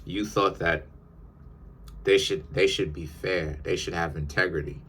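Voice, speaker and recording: A man's voice: deep voice, steady tone, unhurried, bright, forceful tone, a little hiss or hum. A man giving a tarot reading in an emphatic, lecturing monologue, often repeating his words. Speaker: tarot reader.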